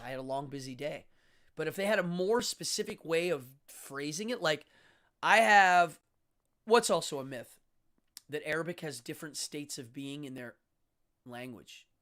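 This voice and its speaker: A man who works as a magician and occultist, hosting a live show and talking casually with a dramatic, animated manner and stumbling restarts. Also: sits high. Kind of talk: casual livestream monologue.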